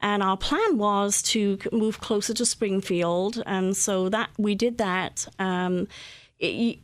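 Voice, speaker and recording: A woman's voice: mid-range voice, takes it slowly, dry recording. A middle-aged woman from Wales with a Welsh accent, chatting as a guest in an interview, full of fillers and restarts. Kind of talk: conversational interview.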